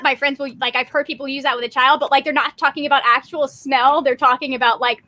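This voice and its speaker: A woman in a casual group video chat who talks lively and quotes people as she goes. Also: high voice, quick pace, hardly any pauses, dry recording.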